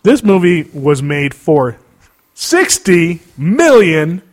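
Male podcast host, casual and sarcastic; expressive, slightly high delivery. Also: takes it slowly. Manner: animated, sarcastic, laughs a lot. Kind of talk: casual chat.

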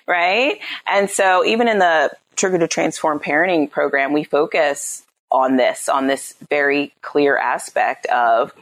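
A woman who works as a psychologist and parenting coach lays out her ideas in a conversational interview. She speaks in a low voice and keeps checking in with listeners by asking "right?"

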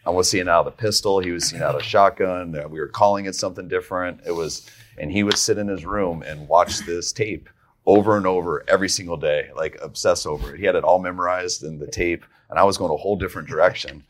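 A man's voice: low-pitched, fast talker, slight background noise. A man who is a head coach, guesting on a podcast and telling stories casually, often restarting his sentences and laughing as he talks. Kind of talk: casual storytelling.

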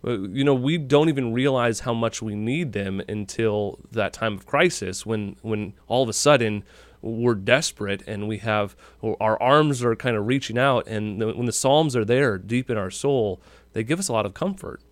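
A man's voice: fairly low pitch, normal speed, no room sound. A man hosting a radio interview, talking casually with many fillers. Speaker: radio host.

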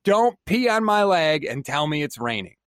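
A man's voice: fairly high pitch, big pitch swings, normal speed, no echo, clean studio sound. A man co-hosting a casual sports podcast, fired up and ranting with swearing. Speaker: podcast co-host.

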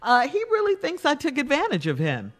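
A woman's voice: sits high, wildly swooping pitch, brisk. A woman co-hosting a radio show, setting up the segment and reacting to the host with short quips and laughter.

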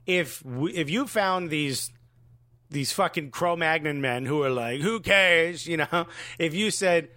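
A man co-hosting a comedy podcast in casual chat, joking and acting out quotes in an animated way. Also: on the high side, a little slow, no echo. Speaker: podcast co-host.

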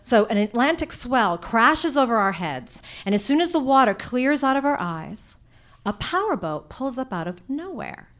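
Animated woman telling a story. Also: on the high side, normal speed. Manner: animated, chatty, lots of "like". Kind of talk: live personal storytelling.

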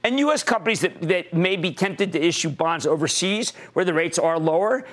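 A man's voice: on the high side, animated, brisk, fairly bright tone. A man in his sixties hosting a market commentary show, talking emphatically and punching key words.

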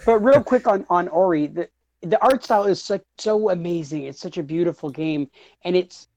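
A man's voice: sits high, moderate pace, a little mellow, no room sound, low-quality recording. A man in his thirties co-hosting a casual podcast, rambling and repeating words, laughing often. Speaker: podcast co-host.

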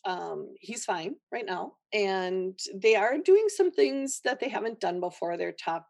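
A holistic nurse from Minnesota, USA, guests on a podcast and tells a personal story in a medium-pitched voice. She's an animated storyteller who laughs often and acts out quoted voices; the studio recording is dry and clean.

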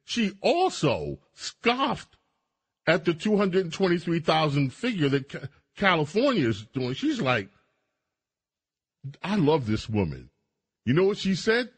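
A man's voice: a little high, huge pitch swings, takes it slowly, husky. A man hosting a radio talk show, delivering commentary with sarcastic, mocking asides.

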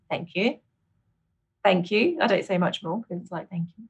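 A middle-aged woman with a British accent, a vocal coach chatting as a guest on a podcast, laughing often and jumping into bright, high exclamations. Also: fairly quick, slightly rough. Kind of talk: casual interview chat.

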